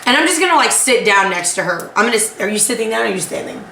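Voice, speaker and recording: A woman playing a tabletop role-playing game, casually talking through what her character does, halting and full of fillers. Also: on the high side, big pitch swings, vocal fry, noisy background. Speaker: player. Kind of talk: tabletop role-play chat. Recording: echoey room, mic at a distance.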